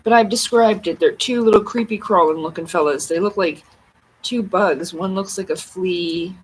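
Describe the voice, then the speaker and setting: A woman's voice: on the low side, normal speed. Woman muttering over a noisy recording. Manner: muttering, flustered, thinking aloud. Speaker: livestream host. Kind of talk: unscripted livestream talk to herself while searching a book.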